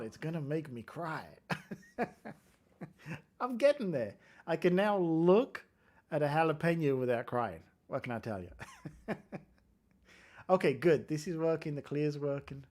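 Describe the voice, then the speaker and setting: A man's voice: a little high, lively intonation, a little slow, pauses often, darkish tone. An English man hosting a casual live coding stream, chatting and joking about his code as he reads out viewer comments. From England. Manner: chatty, self-deprecating, reads out chat comments. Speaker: developer livestream host.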